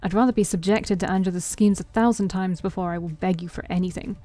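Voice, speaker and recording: A woman's voice: on the low side, steady tone, fast talker, warm tone, natural voice. A woman reading a visual novel aloud, voicing a proud, flustered young man who speaks tersely through gritted teeth. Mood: defensive.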